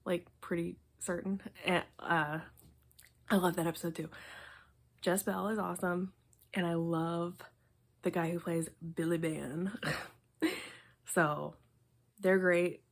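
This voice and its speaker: A young woman talking casually to camera, rambling with many fillers and dropping into soft asides. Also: fairly low pitch, steady tone, slow, vocal fry, long pauses. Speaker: video host. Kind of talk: casual review rant.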